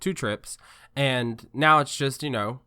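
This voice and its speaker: A man's voice: medium pitch, slow pace, sharp tone, smooth. A man hosting a podcast in casual chat, joking and riffing playfully. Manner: jokey, playful, riffs on others. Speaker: podcast host.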